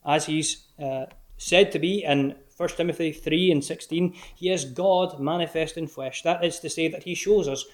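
Man, preacher, sermon, earnest, measured, slightly high voice. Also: fairly even intonation. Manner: earnest, measured, slows on scripture quotes.

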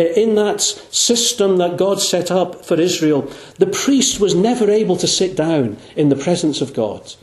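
A man preaching in a meeting hall, his fairly high voice ringing around a roomy, echoing space. He speaks earnestly and with emphasis. He slows down and sinks low on the key words. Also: darkish tone. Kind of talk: sermon.

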